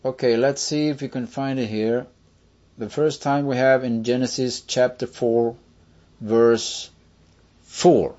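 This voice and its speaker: A man teaching a step-by-step screen-share lesson, slowly explaining and checking in with listeners. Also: mid-range voice, fairly even intonation, warm tone, highs cut off. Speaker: Bible teacher.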